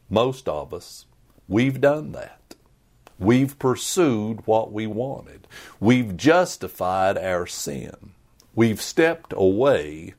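A man preaching a sermon to his church, slow and emphatic, sometimes dropping to a hush. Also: lowish voice, very animated. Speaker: pastor.

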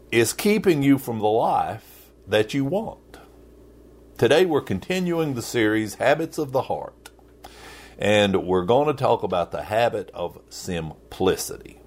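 Slow-speaking male pastor preaching. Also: on the low side, a little mellow. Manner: playful, repeats key phrases slowly for emphasis. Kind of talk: sermon.

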